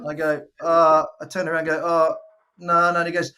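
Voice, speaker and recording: Aussie guy rattling off stories fast on a podcast, doing the voices of people in them. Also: a little high, flat delivery, sharp tone, clean tone. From Australia. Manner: rambling anecdotes, acting out quoted voices. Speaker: guest, former cricketer. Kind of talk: casual podcast chat.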